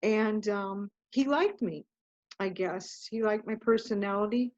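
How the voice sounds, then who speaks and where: In muffled, dull lo-fi audio with no echo, a woman guest author shares her story during an informal interview. Her medium-pitched voice is a little slow and a little mellow, and she rambles earnestly, frequently cutting herself off and beginning again.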